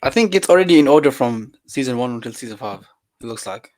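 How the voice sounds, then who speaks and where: A man's voice: medium pitch, expressive, quick pace, darkish tone. A young man co-hosting a podcast, chatting casually and enthusiastically. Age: young adult. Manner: enthusiastic, says "bro" often. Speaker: podcast co-host. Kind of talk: casual chat.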